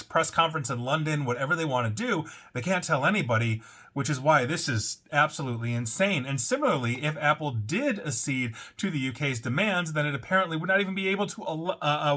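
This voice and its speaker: A man's voice: medium pitch, sharp tone. A man giving opinionated commentary, emphatic and indignant, talking casually with fillers. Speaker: tech commentator.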